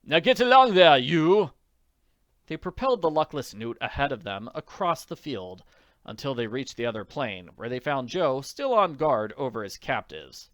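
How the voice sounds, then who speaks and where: A man reading an audiobook in an expressive narrating voice. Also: mid-range voice, moderate pace, no echo, dull audio. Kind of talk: scripted narration.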